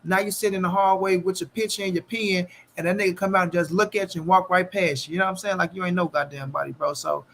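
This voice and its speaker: A man's voice: sits high, fairly even intonation, fast talker, vocal fry, hardly any pauses, a bit bright, a little hiss or hum. A man hosting a long live stream, talking casually and bluntly, thanking his chat. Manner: laid-back, profane, agreeable.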